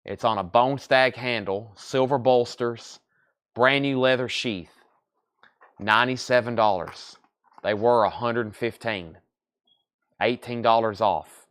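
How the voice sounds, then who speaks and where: A man's voice: mid-range voice, unhurried, long pauses, a bit bright. Sleepy man running a live sale. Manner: folksy, chatty salesman patter, tired. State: sleepy, yawning. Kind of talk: live auction selling.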